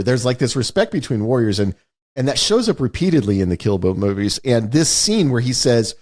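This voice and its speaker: Lively man explaining film themes. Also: fairly quick. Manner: explanatory, lively pitch, frequent "like" and restarts. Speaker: podcast co-host. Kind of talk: casual film discussion.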